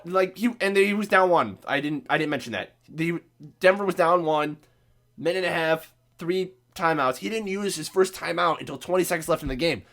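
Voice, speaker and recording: Midwestern guy with a cold, voice cracking, fired-up sarcastic sports rant, a touch high-pitched. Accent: Midwestern American. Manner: profane, sarcastic, animated ranting. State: sick, voice cracking. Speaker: podcast host.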